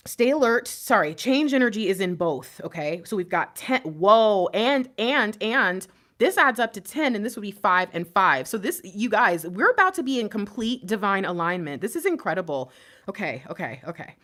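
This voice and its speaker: A woman giving an emotional tarot reading to her viewers, swinging between hushed whispers and loud impassioned pleading, shaking and near tears. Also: medium pitch, big pitch swings, normal speed. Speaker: intuitive tarot reader.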